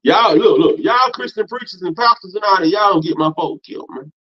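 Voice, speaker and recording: A man preaching hard in a teaching class, repeating himself, cursing, and swinging from loud outbursts down to low mutters. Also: animated, a little fast. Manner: emphatic, repetitive, profane, swings from loud to low. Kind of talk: fiery preaching lecture. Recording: dull lo-fi recording.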